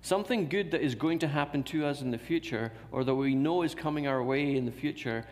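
A man's voice: on the high side, brisk, hardly any pauses. Man, preacher, sermon, rhetorical questions, repeated phrases, long hall reverb.

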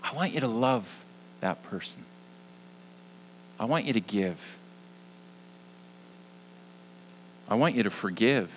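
A man softly voicing God's gentle whisper. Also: fairly low pitch, expressive, moderate pace, slight background noise, natural voice, rough recording. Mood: tender hush. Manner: soft, hushed, reassuring. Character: gentle loving male God speaking softly.

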